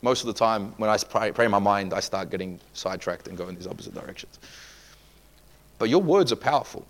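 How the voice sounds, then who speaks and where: A man's voice: fairly low pitch, fairly quick, slight background noise. A man preaching a sermon as pastor, emphatic, acting out quoted people in asides.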